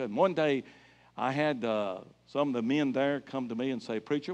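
A middle-aged guest evangelist with a medium-pitched voice preaches an evangelistic sermon in a church sanctuary. He tells stories with emphasis and builds up to loud exclamations.

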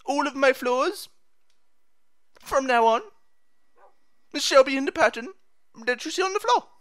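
A man voicing a pompous male character who slowly makes a grand decree in an odd put-on accent. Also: extremely high pitch, animated, fairly bright tone, pitched above the performer's own voice, heavily acted. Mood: grandly declaring. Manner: slow, lofty proclamation in an odd put-on accent.

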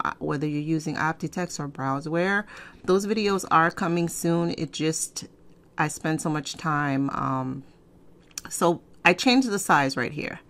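Low-voiced chatty woman tutorial host. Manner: chatty, digressive, frequent ums and throat clearing. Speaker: fashion software tutorial host. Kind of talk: casual screen-recorded tutorial. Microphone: desk microphone.

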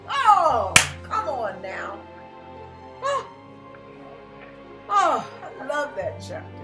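High-voiced woman preaching slowly and fervently. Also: wildly swooping pitch, music in the background. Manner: fervent, emotional, slow and emphatic. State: tearful at times. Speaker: devotional speaker. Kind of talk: emotional devotional sermon.

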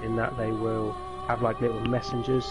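A man's voice: medium pitch, completely flat delivery, moderate pace, over loud music. A man giving game advice over a call in a rambling, hesitant way.

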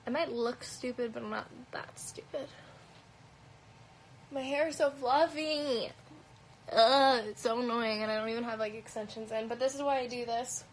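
A woman's voice: a little high, steady tone, moderate pace, slight background noise, low-quality recording. A woman with a light Canadian accent chatting casually on a phone livestream, answering comments in a blunt, profane way with plenty of "um"s and "like"s. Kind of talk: casual live Q&A chat. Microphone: phone held at arm's length.

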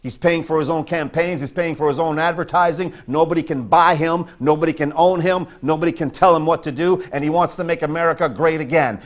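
Emphatic pastor with a higher voice. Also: male voice, fairly even intonation, fairly quick, hardly any pauses. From northern Maine, US. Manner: emphatic, repeats his points for stress. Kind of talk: sermon.

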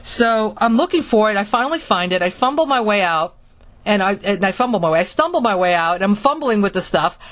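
A woman from Florida telling a personal story in a halting manner, with many restarts. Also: mid-range voice, animated, fairly bright tone. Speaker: speaker recounting her experiences.

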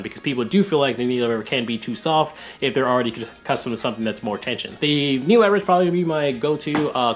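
Fast-talking man reviewing gear, slightly hoarse. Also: mid-range voice. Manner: detailed, hobbyist, dry jokes. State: recovering from a cold, voice cracking. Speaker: arcade stick reviewer. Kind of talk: casual product review.

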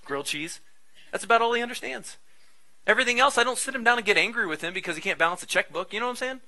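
A male pastor delivers a sermon in a loose, conversational style. His voice sits a little high and rings very bright. He keeps it animated, with quick asides to his listeners. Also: rough recording.

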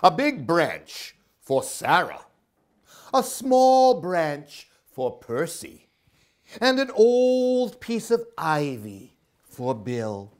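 A woman librarian reading a picture book aloud at a children's storytime, in an expressive, animated voice. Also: sits low, drawn-out words.

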